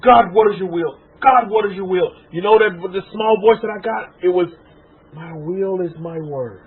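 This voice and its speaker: Tearful male preacher, fervent, high husky voice, tinny phone-like audio. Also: a little fast. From Texas. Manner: fervent, swings from loud exclaiming to hushed murmuring. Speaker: rabbi. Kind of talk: emotional sermon to an online congregation.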